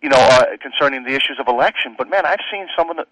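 A man's voice: mid-range voice, very fast, a bit bright, no echo, low-quality recording. A man with a mid-range voice, talking as a pastor on a call-in radio program. He speaks earnestly and loosely, leaning on "you know" and restarting his phrases. The sound is dry and close. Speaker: pastor and guest. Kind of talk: casual radio conversation.

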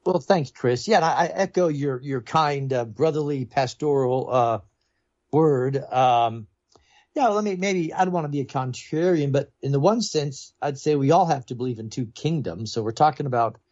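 A man's voice: medium pitch, moderate pace, darkish tone, no echo. Man, pastor, interview guest, mid-range voice, earnest, dry muffled recording. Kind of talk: interview guest explaining theology.

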